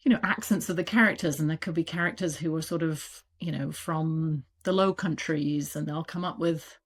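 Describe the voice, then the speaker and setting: Chatty British-accented woman publisher, low-pitched. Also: breathy edge. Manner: animated, chatty, quick asides with laughs. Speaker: audiobook publisher, guest. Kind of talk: casual interview talk.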